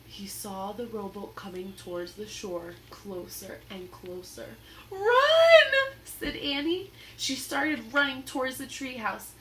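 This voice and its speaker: A woman reading a children's book aloud in an expressive, dramatic storytelling manner. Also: mid-range voice, unhurried, hardly any pauses, slight background noise. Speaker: storybook reader.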